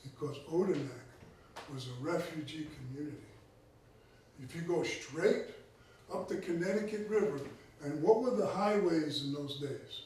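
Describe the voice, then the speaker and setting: A man's voice: fairly high pitch, moderate pace, darkish tone, slight background noise. A man who is a tribal chief giving a conversational talk, often checking in with his listeners. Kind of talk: conversational lecture. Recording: echoey room, mic far off.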